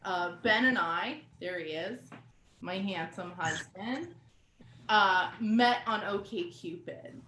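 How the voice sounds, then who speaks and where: A woman doing a stand-up comedy set, talking conversationally and swearing, with sudden loud outbursts. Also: medium pitch, takes it slowly. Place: comedy venue with live audience. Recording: echoey room, faint background noise.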